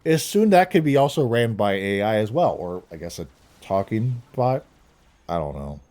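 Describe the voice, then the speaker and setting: A young man with a fairly low voice that swings up and down a lot as he talks. He rambles through his opinions in a relaxed vlog monologue, often laughing at his own jokes. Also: moderate pace. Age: young adult. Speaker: vlogger.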